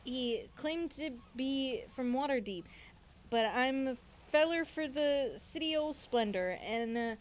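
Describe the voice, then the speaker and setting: A woman's voice: sits high, expressive, a little slow. A woman voicing a greedy male pirate sailor in a put-on pirate accent, stumbling over the dialect as she reads. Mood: gruff.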